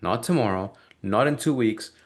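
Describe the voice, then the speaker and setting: A man coaching a live sales training on a video call, talking fast and energetically and acting out sales conversations. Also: on the low side, animated.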